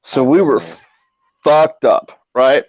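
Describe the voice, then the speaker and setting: Speaking slowly in a mid-range voice, a middle-aged podcast host rambles through casual, profane stories. No echo is present, and the sound quality is dull lo-fi.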